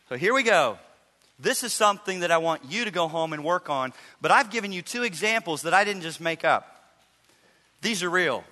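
High, bright-voiced male pastor preaching. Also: brisk. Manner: animated storytelling, acting out quotes in a raised voice. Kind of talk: sermon. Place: church sanctuary. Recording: reverberant live church hall.

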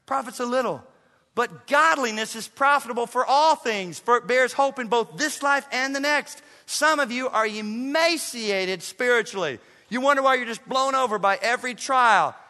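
A man preaching a sermon to his congregation, animated and acting out his listeners in quoted voices. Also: extremely high pitch, moderate pace, long reverb tail. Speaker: pastor. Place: church sanctuary.

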